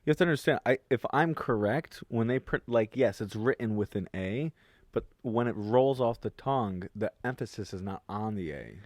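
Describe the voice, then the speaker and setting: Low-voiced young man, teasing podcast banter. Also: moderate pace, dry recording, clean studio sound. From United States. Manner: teasing, deadpan jokes. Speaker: podcast co-host. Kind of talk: casual chat.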